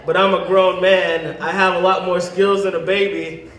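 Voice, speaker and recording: Man, stand-up comedian, high voice, deadpan setups, roomy echo. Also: normal speed. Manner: deadpan setups, then animated acted-out voices. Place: comedy venue stage with audience. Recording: echoey room, mic from a distance.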